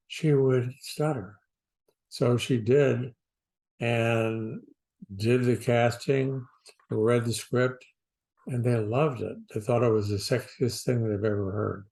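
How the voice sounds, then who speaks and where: A man who coaches people who stutter, explaining in a slow, deliberate, plain-spoken way with pauses. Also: mid-range voice, creaky, darkish tone. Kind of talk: casual explanatory talk to camera.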